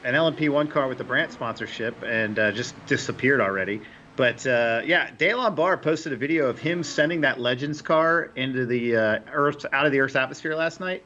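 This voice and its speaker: A relaxed man chats through live sim-racing commentary as host. His mid-range voice comes through slightly dull, with a faint hiss behind it. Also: mid-range voice, normal speed. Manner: relaxed, chatty color commentary.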